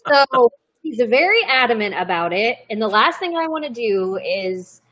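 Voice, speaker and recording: A woman's voice: fairly high pitch, big pitch swings, normal speed, pushed and bright. A young woman guest telling family stories in casual chat, chatty and often interrupting herself. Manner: chatty, self-interrupting, apologetic.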